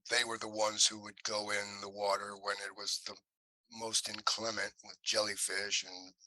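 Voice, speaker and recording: A man with a low-leaning voice and a strikingly bright, forward tone tells stories on a podcast. He talks animatedly and slips into quick impressions of people he has met. The sound is dry and close. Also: level tone, no room sound, rough recording. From Cleveland, US. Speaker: actor guest. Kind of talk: podcast interview storytelling.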